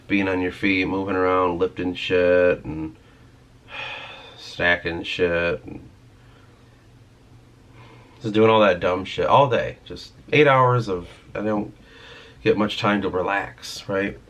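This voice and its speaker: A man's voice: deep voice, fairly bright tone. A man venting in a casual vlog about his writing and his job, rambling and swearing as he talks. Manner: frustrated, rambling, swears freely. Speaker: vlogger and writer.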